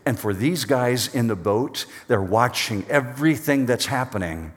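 A man preaching a sermon, reading scripture aloud with dramatic swings between loud urgent passages and quiet low asides. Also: animated, normal speed. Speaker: pastor. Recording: long hall reverb.

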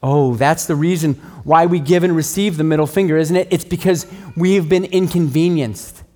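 Speaking at normal speed, this middle-aged male pastor preaches casually and conversationally, his voice sitting a touch above the typical male range. He shares everyday anecdotes with plenty of self-deprecating humor.

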